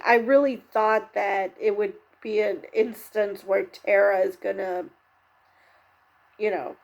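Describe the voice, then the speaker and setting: Slow, gravelly-voiced woman reviewing TV. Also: medium pitch. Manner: candid and chatty, many fillers and self-corrections. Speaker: TV show reviewer. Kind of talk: casual spoken recap and commentary.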